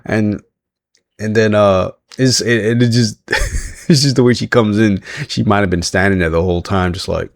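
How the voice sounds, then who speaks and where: A man with a somewhat low voice talks through a wrestling show recap in a loose, rambling way. He laughs often and trips over his sentences. The sound is dry and close, with no room echo. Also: moderate pace, creaky. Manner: chatty, laughs often, frequent restarts.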